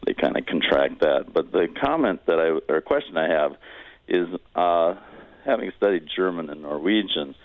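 A man's voice: very deep voice, no room sound. A man calling in to a radio show, asking a rambling, thoughtful question. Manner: rambling, thoughtful, self-correcting. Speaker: caller. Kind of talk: call-in question. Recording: tinny phone line.

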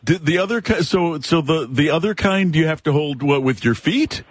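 A man playing a jolly old Santa Claus on a live radio call-in, joking with children in a slow, drawn-out way. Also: on the high side, animated, dry recording.

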